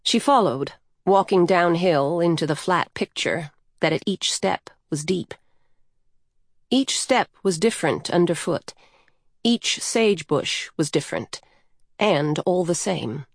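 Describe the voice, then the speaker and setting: A woman with a slightly low voice reads a story aloud in a calm, even way. The sound is dry and close, with no room echo. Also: slow. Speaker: narrator. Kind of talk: scripted narration of a story.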